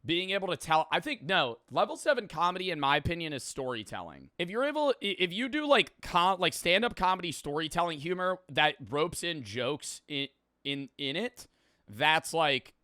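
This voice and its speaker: A young man reacts to a comedy video, rambling in a lively, swinging voice and swearing freely. His tone is bright and crisp, and the recording is close and dry. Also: a little high, normal speed, no room sound. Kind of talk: casual reaction commentary.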